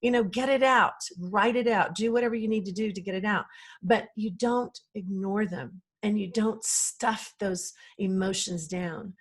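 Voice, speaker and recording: Animated woman guest on a podcast. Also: medium pitch, normal speed, husky. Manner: animated, acts out quoted voices, laughs easily. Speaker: podcast guest, life coach. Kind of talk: casual conversational interview.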